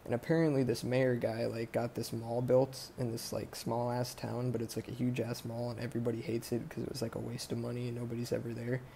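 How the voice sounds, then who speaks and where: A man with a gravelly, dark voice retells a film for his podcast. He talks in a flat, even tone. He rambles, swears a lot and keeps drifting off the plot. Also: mid-range voice, brisk, few pauses, slight background noise. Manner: rambling, profane, sidetracked. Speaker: podcast host. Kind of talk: casual movie recap.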